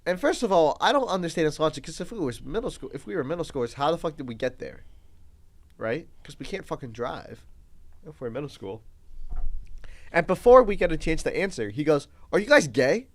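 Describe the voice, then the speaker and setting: A young adult man co-hosting a podcast tells a story in casual chat, laughing often and animatedly acting out the people he quotes. His voice is a little high and fairly quick.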